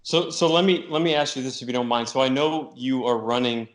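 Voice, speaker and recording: A man asks his guest questions in a polite, slightly halting way, with a few restarts along the way. His voice sits at an ordinary middle pitch. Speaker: interviewer. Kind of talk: casual interview questions.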